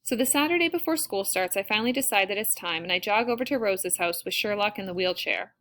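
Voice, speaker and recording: Woman audiobook reader, mid-pitched, plain steady first-person narration. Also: fast talker.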